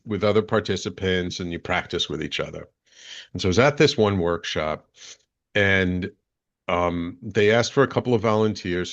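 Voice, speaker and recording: Middle-aged male coach, interview guest; low, earnest storyteller who restarts often; muffled lo-fi audio. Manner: earnest, reflective, thinks aloud with many restarts. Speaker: guest, business and life coach. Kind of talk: reflective personal storytelling in an interview.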